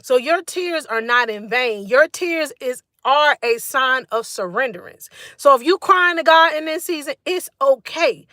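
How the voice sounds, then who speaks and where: A woman preaches on a live stream in a high, bright voice. She exhorts her viewers fervently, repeating her points and dropping in "mm" and "y'all" between lines. The sound is close and dry, with no room around it. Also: lively intonation, unhurried, no room sound.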